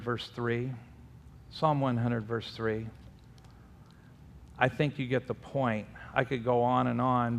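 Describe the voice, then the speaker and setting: A man preaching a sermon, reading scripture aloud and swinging between loud emphasis and quiet asides. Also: medium pitch, vocal fry. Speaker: pastor. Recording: long hall reverb.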